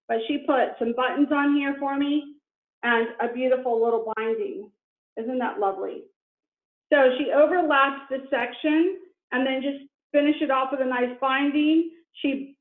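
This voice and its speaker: A middle-aged woman giving a casual quilting tutorial, enthusiastic as she holds her work up to the camera. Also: sits high. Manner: enthusiastic, shows pieces up to the camera. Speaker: quilting instructor. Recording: echoey room on a tinny, phone-like line.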